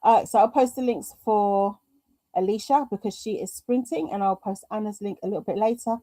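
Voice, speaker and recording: A woman's voice: medium pitch, normal speed, dark tone, no room sound. A British woman hosting a live craft stream, chatting casually, reading viewer comments aloud and talking to herself through technical hiccups. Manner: chatty, reads chat aloud, talks to herself through tech glitches.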